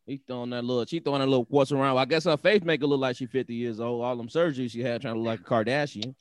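A man's voice: mid-range voice, steady tone, racing, a little hiss or hum. A man co-hosting a podcast, joking and reacting during casual gossip chat. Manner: joking, laughs often. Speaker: podcast co-host.

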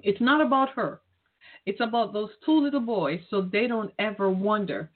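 A middle-aged woman speaking earnestly and directly to caregivers, repeating her key phrases as she urges and encourages them. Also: mid-range voice. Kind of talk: heartfelt direct-address talk. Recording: tinny phone-like line.

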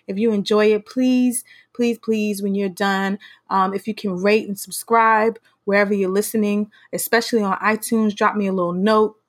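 A woman in her thirties hosting her own podcast, talking in a casual, playful, fast and slangy way. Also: mid-range voice, steady tone, no room sound, clean studio sound. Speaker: podcast host. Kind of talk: casual solo podcast chat.

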